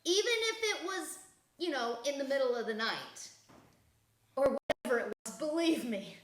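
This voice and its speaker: A woman's voice: sits high, lively intonation, moderate pace, reverberant. A woman hosting a casual spiritual podcast, blunt and profane, laughing often as she talks. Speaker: podcast host.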